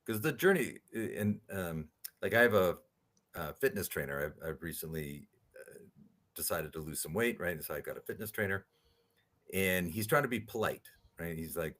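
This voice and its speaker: A man, a podcast guest, telling animated stories and often asking "right?" as he talks. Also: deep voice, moderate pace. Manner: animated storyteller, rhetorical "right?" tags. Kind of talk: storytelling interview talk.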